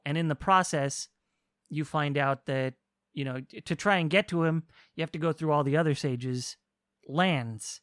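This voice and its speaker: A man's voice: fairly high pitch, normal speed, clear, resonant tone, dry recording, studio quality. Man chatting animatedly on a podcast. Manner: animated storytelling, acts out characters' lines. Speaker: podcast co-host explaining a game. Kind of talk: casual chat.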